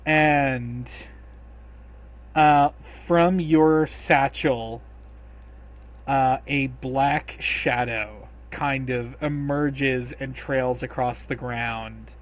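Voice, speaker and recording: A man narrating a tabletop game as game master, telling the scene in a measured, descriptive way. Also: medium pitch, fairly even intonation.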